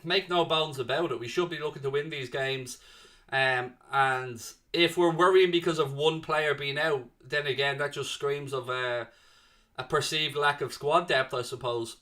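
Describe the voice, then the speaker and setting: A man hosts a live fan watchalong of a football match, chatting off the cuff into a streaming mic. His voice sits a touch high and sounds bright and forceful. He pauses on fillers as he thinks aloud and reads out and answers viewers' chat messages.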